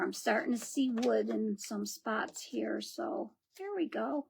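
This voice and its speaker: A woman's voice: a little high, takes it slowly, vocal fry, darkish tone, husky. A woman hosting a live crafting demo, chatting and greeting viewers by name as she works. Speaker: craft livestream host.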